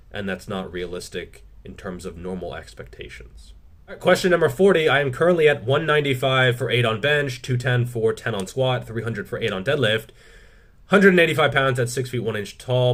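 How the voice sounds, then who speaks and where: Frank, casual man with a lowish voice. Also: a bit bright. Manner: frank and casual, swears freely; reads questions aloud, then answers offhand. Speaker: fitness YouTuber. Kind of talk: casual Q&A answering viewer questions.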